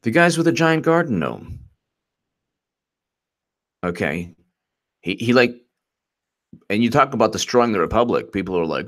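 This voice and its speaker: A man's voice: on the low side, sing-song, a little slow, pauses often. A man hosting a live-streamed political commentary show, rambling and mocking as he laughs often.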